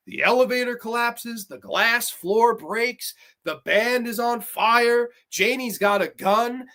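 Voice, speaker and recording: Animated, profane woman ranting about horror. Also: on the high side. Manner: profane, sarcastic, exasperated ranting. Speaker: horror movie reviewer. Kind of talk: ranting review monologue.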